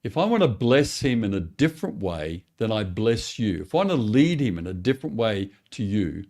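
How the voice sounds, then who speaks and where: A man voicing Jesus as a calm, patient teacher who gently corrects in a conversational way. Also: fairly low pitch, moderate pace. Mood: gently firm.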